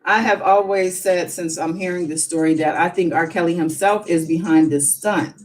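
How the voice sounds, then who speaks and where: A woman's voice: lowish voice, steady tone, moderate pace, darkish tone, low-quality recording. Chatty woman hosting a late-night live stream. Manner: chatty, musing, reads news aloud with asides. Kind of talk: casual live-stream commentary.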